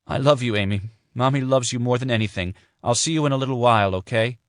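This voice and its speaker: A man voicing a young widowed mother who is grieving but composed, speaking softly and with restraint. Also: medium pitch, fast talker, no echo, studio quality, voice pushed up, natural voice. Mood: tender.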